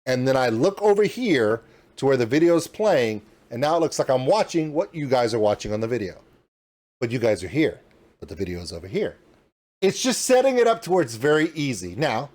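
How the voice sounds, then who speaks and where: Animated man explaining his streaming setup. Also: fairly high pitch, moderate pace. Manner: animated and demonstrative, pointing things out. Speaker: reaction channel host. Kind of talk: casual tutorial walkthrough.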